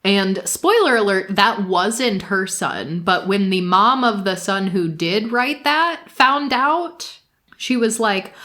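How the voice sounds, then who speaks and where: A woman talks at an unhurried, drawn-out pace in casual podcast chat. She laughs often and swears freely as she recaps shows, and her pitch sits in a middle range. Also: lively intonation, sharp tone. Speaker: podcast co-host.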